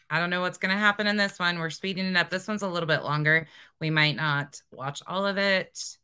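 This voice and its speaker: A woman with a low, bright, forceful voice talks over the clips she is watching. She makes wry, drawn-out asides in a casual reaction-commentary style. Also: fairly even intonation, smooth.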